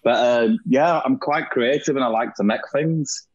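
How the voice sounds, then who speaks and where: A man's voice: mid-range voice, normal speed. A man who is a guest on a podcast, talking dry and matter-of-fact. His voice comes through a video call with dull, muffled audio. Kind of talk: casual chat over video call.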